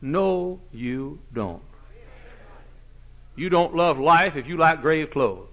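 A man preaching a sermon, folksy and mocking, swinging from shouts to hushed asides. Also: fairly high pitch, lively intonation, slow, long pauses. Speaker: pastor.

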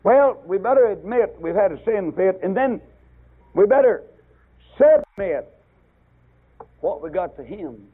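An older preacher delivers a fiery sermon, climbing to loud, emphatic bursts before dropping low. His voice sits a little high and has a husky grain. It comes over a tinny, lo-fi radio broadcast. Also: animated, unhurried, long pauses.

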